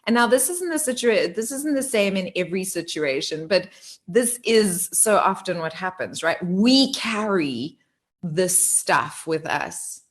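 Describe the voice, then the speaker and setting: Candid low-voiced woman telling her story. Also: expressive, a little slow. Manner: candid, conversational, addresses viewers directly. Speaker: host. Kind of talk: personal storytelling to viewers.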